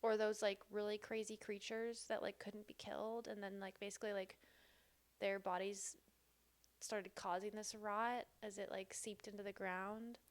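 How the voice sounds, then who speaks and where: A woman co-hosting a podcast in a relaxed, chatty book discussion. Her speech is loose and full of "like" fillers, and she laughs easily. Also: medium pitch, normal speed. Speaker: podcast co-host.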